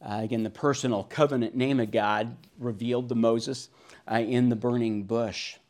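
A man teaching verse by verse through the Bible in a relaxed, conversational way, with frequent fillers and restarts. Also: mid-range voice, moderate pace.

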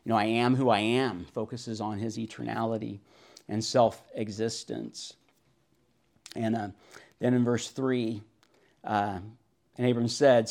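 A man teaching verse by verse through the Bible in a relaxed, conversational way, with frequent fillers and restarts. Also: on the low side, a little slow, creaky, pauses often.

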